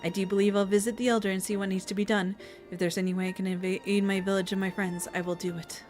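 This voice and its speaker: A woman's voice: medium pitch, flat delivery, fast, a little mellow, faint music behind, lightly acted. A woman voicing an anxious, indignant young villager in a fantasy game, speaking in an agitated, fretful way.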